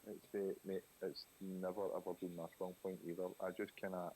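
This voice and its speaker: A very low-voiced man with a Scottish accent chats loosely on a live stream, looping through stories full of fillers and restarts. A faint hiss sits under the voice. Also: flat delivery, a little fast, warm tone, rough recording. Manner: rambling anecdotes with lots of fillers and laughs. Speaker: co-host of a live drawing stream. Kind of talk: casual chat.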